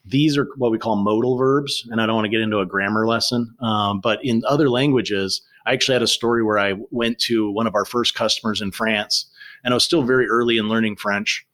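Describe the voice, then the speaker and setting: A man with a somewhat low voice, talking as a guest on an interview. He tells stories with animated energy and often restarts his sentences as he works out his thoughts. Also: a little fast. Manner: animated storyteller, many restarts. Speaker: author and guest. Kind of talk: conversational interview.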